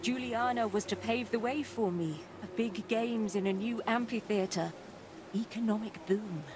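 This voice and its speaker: A woman's voice: on the high side, a little slow, close to an everyday voice. Actress as a composed Roman noblewoman in mourning, solemn game cutscene read, crowd murmur behind. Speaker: game character.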